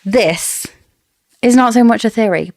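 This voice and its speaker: A woman's voice: fairly high pitch, unhurried, gravelly, a little mellow, no room sound, clean studio sound. A woman co-hosting a casual book discussion podcast, chatty and theorizing with frequent laughs. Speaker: podcast co-host.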